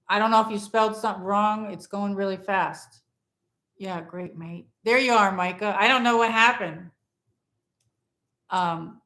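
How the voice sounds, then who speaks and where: This livestream host has a mid-range voice with a sharp tone, heard in an echoey room. She talks casually to her viewers from her phone at home, a Christmas tree behind her, rambling and reading comments aloud.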